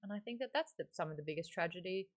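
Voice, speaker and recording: A woman's voice: fairly low pitch, expressive, very fast. An Australian woman hosting a live-streamed book club, chatting candidly with lots of fillers. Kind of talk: casual live-stream chat.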